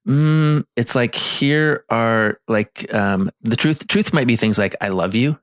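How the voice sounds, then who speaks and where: A man's voice: medium pitch, takes it slowly, no room sound, clean studio sound. A man co-hosting a marriage therapy show, explaining in earnest casual chat with many restarts and fillers. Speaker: marriage therapist and podcast co-host.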